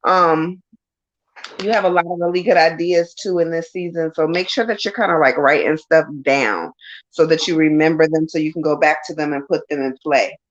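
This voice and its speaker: A frank, chatty woman doing a live tarot reading, her voice sitting a bit low. The stream audio sounds dull and lo-fi, and she mixes blunt jokes with spirit messages. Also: normal speed. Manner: frank, chatty, laughs and curses freely. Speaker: psychic reader.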